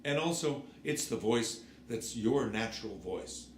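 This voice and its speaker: A man giving a singing lesson, explaining technique in a lively way and breaking into short sung and shouted examples. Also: mid-range voice, a little slow. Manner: lively, explanatory, demonstrates sounds with his voice. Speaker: singing teacher. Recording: roomy sound with faint background noise.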